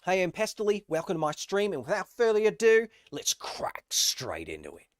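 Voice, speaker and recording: A man's voice: high voice, normal speed, dry recording, clean studio sound, pitched above the performer's own voice. A man putting on an Australian accent to impersonate an upbeat male game streamer opening his stream. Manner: energetic stream intro.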